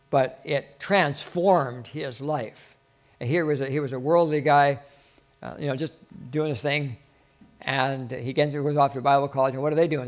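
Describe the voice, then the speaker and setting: Pastor, male, mid-pitched, earnest and rambling small-group preaching, hushes for quoted prayers. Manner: rambling and earnest, with many restarts, dropping to a soft voice for quoted prayers. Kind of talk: informal sermon to a small group.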